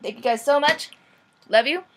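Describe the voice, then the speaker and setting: A young woman recapping a book in a casual vlog, sarcastic and animated, saying "like" a lot. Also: high voice, normal speed, slight background noise. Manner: sarcastic, says "like" often, animated. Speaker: vlogger.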